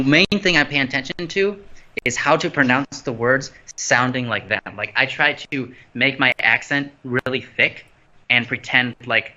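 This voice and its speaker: A man with a bright, forceful, mid-range voice hosts a casual phone livestream from his new, empty house. He wanders playfully from topic to topic, losing track of what he was saying, over slightly dull lo-fi audio.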